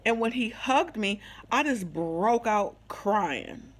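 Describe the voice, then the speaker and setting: A woman's voice: medium pitch, takes it slowly. A woman telling a personal story in casual, slangy vlog talk, acting out the back-and-forth of a conversation as she goes. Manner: animated, slangy, acts out the quoted dialogue. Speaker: vlogger sharing a personal testimony.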